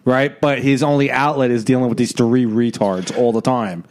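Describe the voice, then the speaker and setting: A man's voice: medium pitch, normal speed. A man co-hosting a podcast, rambling and laughing through casual comedy banter. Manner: rambling, laughing, speeds up when excited.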